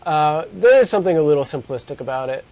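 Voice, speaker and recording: Higher-voiced easygoing man. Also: lively intonation, fast, a little mellow. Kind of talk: casual podcast chat.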